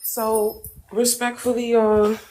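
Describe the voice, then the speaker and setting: A woman speaking as a guest on a live stream, firm and measured. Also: a little high, little pitch movement, over loud music. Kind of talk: casual live stream chat. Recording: clear noise behind.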